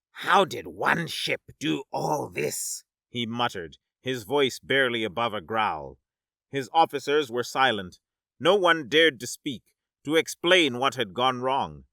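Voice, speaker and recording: Male narrator, bright forceful tone, dramatic storytelling, very dry close sound. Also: medium pitch, dry recording. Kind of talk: scripted audiobook narration.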